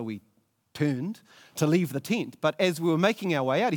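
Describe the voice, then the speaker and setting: A man telling a story in the first person with sweeping swings of pitch, dropping low for tense moments and rising high for drama. He stammers and repeats now and then. A long reverb hangs behind every line. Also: lively intonation. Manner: vivid, halting, with stammered repeats.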